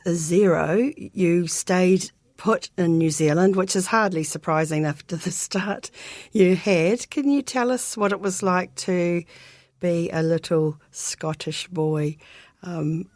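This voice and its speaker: Woman podcast host, low-ish voice, scripted intros and questions, dry close sound. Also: darkish tone, dry recording. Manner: reads prepared introductions and questions.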